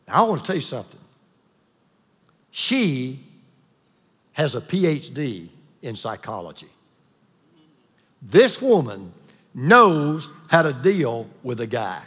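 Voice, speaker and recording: A man delivers a sermon with sweeping, lively pitch, retelling a Bible story and acting out its people. His voice is husky and sits high for a man. The sound carries the long reverb of a large hall. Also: takes it slowly, pauses often. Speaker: pastor.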